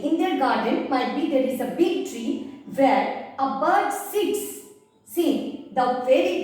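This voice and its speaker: A woman's voice: sits high, a little mellow. A woman teacher patiently explaining a poem to children, repeating lines and addressing the class. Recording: very echoey room, voice from far off.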